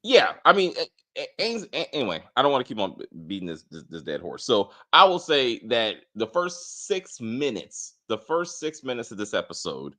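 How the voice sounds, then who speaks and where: A man's voice: mid-range voice, sing-song, normal speed, sharp tone. A man co-hosting a casual TV spoiler review, ranting emphatically with plenty of profanity. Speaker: co-host of a TV review show.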